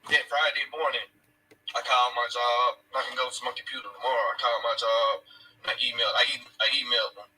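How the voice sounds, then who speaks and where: A man's voice: medium pitch, level tone, quick pace, bright, forceful tone, slightly rough, distant mic, poor audio. A man casually retelling events to camera in a blunt, profane, emphatic way. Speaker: father of a missing woman's child.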